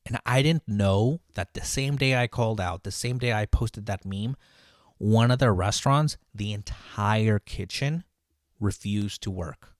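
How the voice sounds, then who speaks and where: Speaking at a measured pace in a lowish voice, a line cook tells a loose, rambling story, profane and heated, constantly swearing and restarting his sentences while dropping "like" and "dude" over and over. The recording is dry and clean, studio quality.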